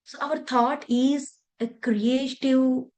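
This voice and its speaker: A woman's voice: high-pitched, fairly even intonation, slow pace, a little mellow. Earnest woman teaching meditation. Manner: earnest, conversational, loose grammar. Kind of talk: spiritual lesson with personal story.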